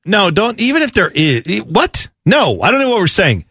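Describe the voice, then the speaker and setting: A man's voice: sits high, wildly swooping pitch, moderate pace, sharp tone, husky, no echo, clean studio sound. A man co-hosting sports talk radio, ranting with exasperated emphasis.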